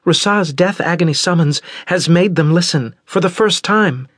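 A man's voice: a little high, moderate pace, fairly bright tone, no echo, studio quality, pitched above the performer's own voice. A man narrating voices an anxious young woman pleading urgently.

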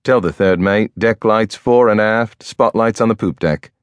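A male narrator voicing a rugged ship captain with quiet authority in an audiobook. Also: measured pace, clean tone, dry recording, lightly acted. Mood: commanding. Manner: quiet authority, low and intimate. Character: rugged older sea captain, calm and commanding. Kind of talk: audiobook character voice.

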